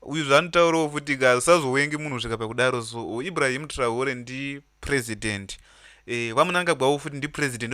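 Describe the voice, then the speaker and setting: Male news host, rapid and punchy, dry close sound. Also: medium pitch, dry recording. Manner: fast, bright and forceful, mixes English into his talk. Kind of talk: casual news commentary.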